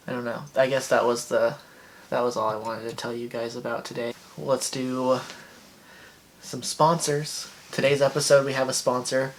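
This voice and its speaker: A young man hosting a comedy show, telling a dating story in a dry, deadpan way. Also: medium pitch, moderate pace, slight background noise. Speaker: comedian host.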